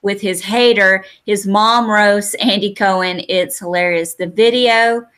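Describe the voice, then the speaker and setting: Bright-voiced woman co-host. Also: medium pitch, steady tone, measured pace. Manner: laid-back, reads chat comments aloud. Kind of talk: casual chat.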